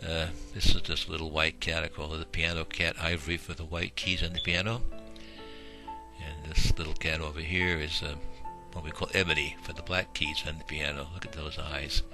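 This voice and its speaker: A man with a very low, deep voice narrates a home video in a folksy, rambling manner, filling gaps with small fillers. Music plays steadily behind the voice. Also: level tone, brisk. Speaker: shelter volunteer and video narrator.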